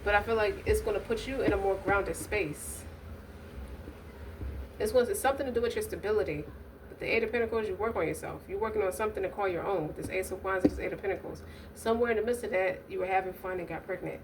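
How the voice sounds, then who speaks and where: A woman's voice: medium pitch, far from the mic. A woman giving a casual tarot reading, blunt and profane, rambling with asides and restarts. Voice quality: blunt, profane, streetwise talk. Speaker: tarot reader. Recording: noisy recording, voice set back from mic.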